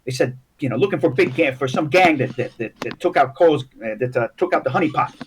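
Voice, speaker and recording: A man's voice: medium pitch, lively intonation, fast talker, slight background noise, natural voice. A man voicing jumpy, foul-mouthed male halfling gang members in a tabletop game. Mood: nervous. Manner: profane, twitchy, tough-talking.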